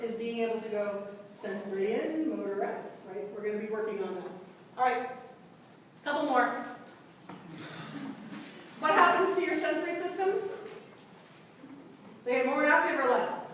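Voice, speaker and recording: A woman teaching a class and quizzing the students, lively, recorded from far off in a large lecture room. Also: high voice, a little hiss or hum. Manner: lively, asks the class questions. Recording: echoey hall from far off.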